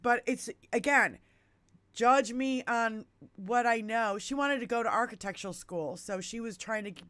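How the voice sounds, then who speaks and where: Brief: woman in her fifties hosting a podcast, lively storyteller with a salty mouth, fairly high voice, dry close sound. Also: moderate pace, no echo. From United States. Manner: animated storyteller, swears freely. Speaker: podcast host. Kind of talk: casual chat.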